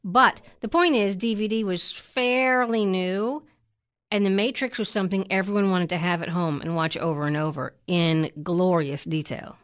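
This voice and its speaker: A woman's voice: on the low side, normal speed. A middle-aged woman co-hosting a casual chat, matter-of-fact and a bit insistent, with dry remarks.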